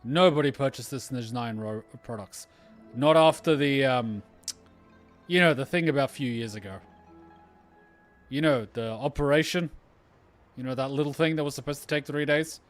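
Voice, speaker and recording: A man's voice: mid-range voice, normal speed, pauses often, soft background music. Sarcastic cursing male game streamer. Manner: sarcastic, swears often, exasperated outbursts. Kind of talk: casual gameplay commentary.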